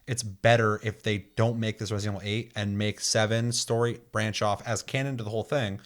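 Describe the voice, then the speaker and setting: Animated ranting man, lowish voice. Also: a little fast. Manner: animated, ranting, swears freely, acts out quotes. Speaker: podcast co-host. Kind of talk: casual chat about video games.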